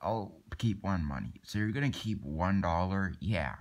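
Young male performer, lowish voice, rambling improvised toy-skit delivery full of fillers and restarts. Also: lively intonation, a little slow. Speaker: plush toy video maker.

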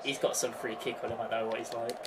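A man's voice: medium pitch, little pitch movement, fast, background noise. A man trading laughing, swearing banter over a football video game while clothes pegs pinch his face. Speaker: gaming channel co-host. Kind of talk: casual gaming banter.

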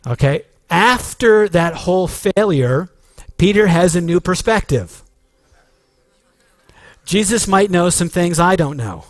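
Slow earnest male preacher. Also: high-pitched, lively intonation, dry recording. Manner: earnest, emphatic preaching with restarts. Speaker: pastor. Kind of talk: sermon.

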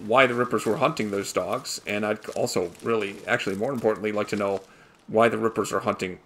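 A man's voice: fairly low pitch, fairly even intonation, fairly quick, fairly bright tone. Wry man commenting on his gameplay. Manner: wry, chatty asides to himself. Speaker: gaming channel host. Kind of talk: casual let's-play commentary.

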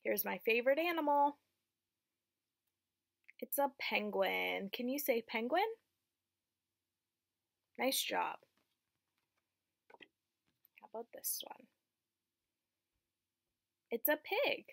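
A young woman teaching a preschool phonics lesson, slow and encouraging, asking children to repeat after her. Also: a little high, expressive, gravelly, dry recording, clean studio sound.

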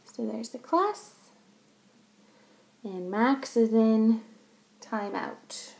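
A woman reads a children's story aloud and chats to young listeners between passages. Her pitch is fairly high and very lively. She reads at a slow, careful pace. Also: vocal fry, slight background noise. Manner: chatty, pausing to explain to young listeners.

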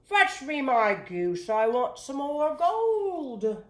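Lady doing a big grumpy giant from a storybook, loud and slow, bellowing, roomy echo. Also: high voice, big pitch swings, pitched above the performer's own voice, heavily acted. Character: booming male giant, foul-tempered.

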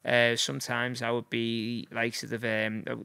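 A man's voice: mid-range voice, completely flat delivery, moderate pace, gravelly, bright, forceful tone, smooth, no room sound. A man in his forties with a Liverpool accent, telling stories in a rambling, casual way with lots of fillers. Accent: Liverpool (Scouse). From Liverpool, England. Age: 40s. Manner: rambling, many fillers, acts out voices. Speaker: guest. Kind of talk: casual storytelling.

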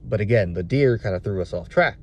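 A man's voice: lowish voice, animated, a little fast, a little mellow, slight background noise. A young adult man, a dog trainer, telling a story in a casual vlog, rambling and candid with many restarts.

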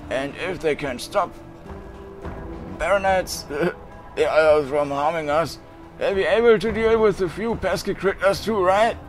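In a lightly acted performance, a man with a somewhat high voice plays a friendly, chubby shopkeeper with a beard in a video game. The rasp in his voice grows thin and breathy when it climbs, and coughs punctuate his lines.

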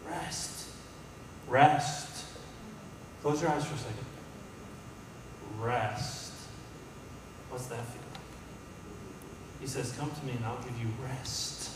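A man's voice: mid-range voice, fairly even intonation, takes it slowly, pauses often, noisy background. A man preaching a sermon as pastor, calling out to the congregation and building to emphatic peaks. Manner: call-and-response, rising to emphatic peaks. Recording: echoey hall from far off.

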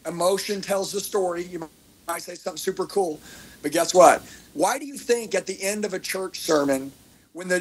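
A fired-up man with a husky, fairly high voice runs a motivational seminar. He talks intensely and preaches, often repeating his points and checking that the crowd is following him. His delivery sounds driven and insistent. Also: poor audio. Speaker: speaker teaching content creation. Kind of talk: energetic motivational seminar talk.

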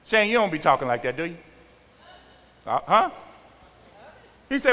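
A man in his forties, a youth pastor giving an animated sermon and acting out teenagers' talk. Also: a little high, brisk, pauses often. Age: 40s. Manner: animated, acts out teen slang with exaggerated voices. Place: church sanctuary. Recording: large hall with long reverb.

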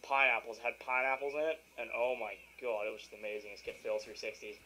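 At home by his game console, a young gaming video commentator rambles casually over his own gameplay, easily irritated and tossing in sarcastic asides. His mid-range voice is bright, forceful and steady, fast with hardly any pauses. The recording quality is low.

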